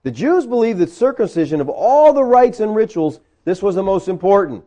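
A man's voice: high-pitched, sing-song, fairly quick, dark tone. A man preaching a sermon, conversational and full of rhetorical questions. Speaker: pastor.

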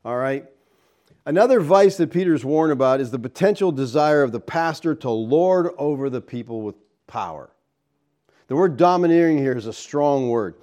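A man's voice: lively intonation, normal speed, a little mellow. A middle-aged man preaching a sermon as pastor, talking casually to the congregation and often asking "okay?" and "all right?". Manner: acts out quoted people in a higher voice.

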